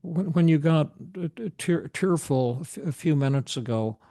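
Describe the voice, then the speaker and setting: An older man, a psychiatrist leading a live therapy demonstration, speaking gently and affirmingly. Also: a little high, normal speed.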